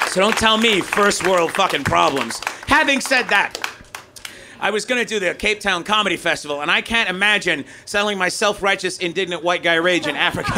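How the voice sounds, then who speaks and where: A man from North America doing a loud, profane, ranting stand-up comedy set on a club stage. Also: high voice, noisy background.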